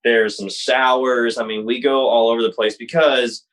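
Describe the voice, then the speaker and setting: A man's voice: mid-range voice, steady tone, a little slow, a bit bright, a little hiss or hum. A man in casual podcast chat, laid-back and swearing freely.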